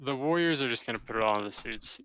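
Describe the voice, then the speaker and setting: A man playing a tabletop wargame and talking it through as he goes. He works out rules and counts rolls out loud in a relaxed, casual way. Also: mid-range voice, fast talker, smooth. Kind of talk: casual game talk, thinking aloud.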